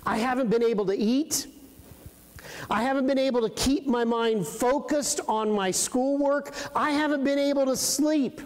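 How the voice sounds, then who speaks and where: A man's voice: very high voice, long reverb tail. A man voicing a distraught, sleepless young woman student leader in a sermon story, speaking urgently.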